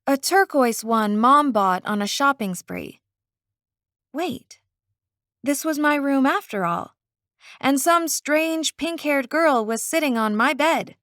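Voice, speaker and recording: A woman narrating a first-person novel audiobook in an expressive, unhurried way. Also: sits high, no room sound, studio quality.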